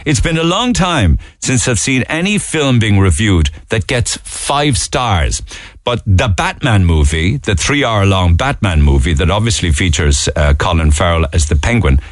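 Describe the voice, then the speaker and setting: A radio host from Ireland with a Cork accent talks through the morning papers in a chatty way, dropping asides and quips as he goes. His voice sits low but swings widely up and down. The studio sound is close and dry. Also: very animated, measured pace, dry recording. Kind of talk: radio newspaper review and announcements. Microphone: studio microphone.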